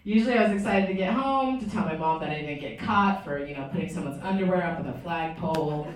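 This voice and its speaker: A woman's voice: on the low side, fast talker. A woman tells a personal story with wry humor, laughing between lines. Her voice sits well back from the mic in a very echoey space. Faint noise hangs under it. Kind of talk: personal story told live. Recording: roomy, from far off, faint noise.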